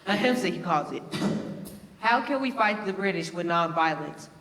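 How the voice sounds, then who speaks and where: An actor playing a scornful, lecturing, old-fashioned Indian uncle. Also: male voice, sits high, expressive, moderate pace, pushed and bright, full character voice. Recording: echoey room, long reverb.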